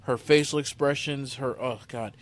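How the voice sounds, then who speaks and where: A man's voice: mid-range voice, fairly even intonation, normal speed. A man co-hosting a casual podcast who mostly agrees with his partner and chats loosely, with some swearing. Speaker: podcast co-host. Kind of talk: casual chat.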